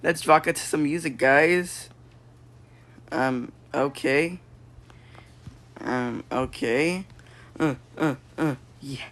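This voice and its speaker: A man improvising a goofy VR puppet comedy, excitable and silly, breaking into sudden squeals. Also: medium pitch, slow pace, long pauses. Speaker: puppet show creator.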